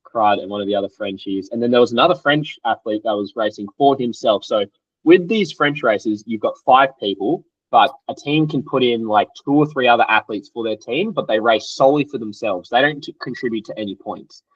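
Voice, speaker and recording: A young Australian man, an athlete guest, telling race stories in an animated, slangy way and acting out what others said. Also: mid-range voice, a little fast, breathy edge, no room sound. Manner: animated, acts out quotes, loose and slangy. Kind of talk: casual storytelling interview. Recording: dry, slightly dull podcast audio.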